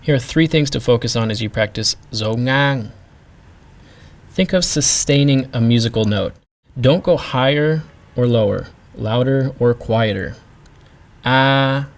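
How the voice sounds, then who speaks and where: A man teaching a pronunciation lesson, speaking deliberately and demonstrating each sound with care. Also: medium pitch. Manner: slow, deliberate, modelling sounds. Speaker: language teacher.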